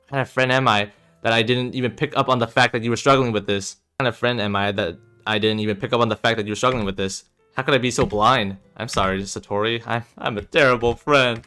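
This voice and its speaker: A man's voice: mid-range voice, fairly even intonation, quick pace, pushed and bright, clear, resonant tone, soft background music, close to an everyday voice. A man reading aloud as an emotional young woman who is a devoted best friend, pleading with a voice that rises when she is upset. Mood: anxious.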